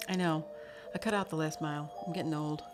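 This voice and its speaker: A woman's voice: sits low, fairly even intonation, brisk, natural voice. A winded, good-humored dad, as a woman reader puts him on in a storybook, casual and a bit breathless. Music runs underneath. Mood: breezy. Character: winded, good-humored middle-aged father.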